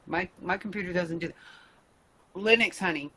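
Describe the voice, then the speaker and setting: A middle-aged woman hosting a casual video-call chat, animated and laughing, with mock-exasperated asides. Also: fairly low pitch, normal speed, a crowd in the background, low-quality recording. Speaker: host.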